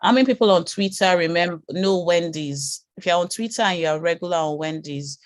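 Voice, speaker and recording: A woman teaching an online branding class in a calm, reassuring way, often repeating words as she thinks. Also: on the low side, a little fast, no room sound, studio quality.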